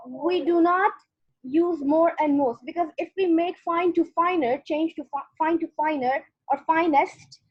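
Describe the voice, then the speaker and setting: High-voiced woman teaching an online grammar class. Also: muffled recording. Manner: patient, explains step by step with repeated "okay".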